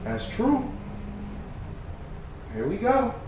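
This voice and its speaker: A man giving heated reaction commentary, shifting from muttered news reading to loud, profane ranting. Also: very high voice, wildly swooping pitch, extremely slow. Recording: echoey room, distant mic, faint noise.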